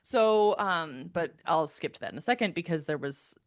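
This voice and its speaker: A woman co-hosting a podcast, telling a story in a lively, casual way, full of "like" and the odd swear. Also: low-pitched, moderate pace, no room sound, clean studio sound. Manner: animated storytelling, filler-heavy, swears. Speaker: podcast co-host. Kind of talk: casual chat.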